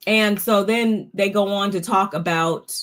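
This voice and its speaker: A woman's voice: mid-range voice, unhurried. A woman giving a casual, opinionated recap of a reality show, talking freely with frequent restarts. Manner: chatty, opinionated, restarts often. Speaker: recap host.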